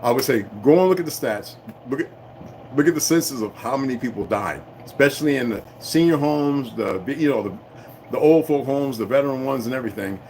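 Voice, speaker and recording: This is a man running a casual livestream, speaking at an ordinary middle pitch. He rants freely and swears often, wandering off on side tangents. A faint noise sits under his voice. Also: animated, brisk, darkish tone, low-quality recording. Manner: profane, emphatic, loose and digressive. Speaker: livestream host reading viewer comments. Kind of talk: rambling casual rant to live viewers.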